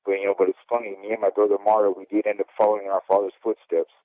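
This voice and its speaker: A man's voice: on the low side, flat delivery, rapid-fire, no echo. A man in his fifties, a former boxer, telling his life story in an interview in a candid, rambling way, often asking "okay?". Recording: dry, phone-like audio.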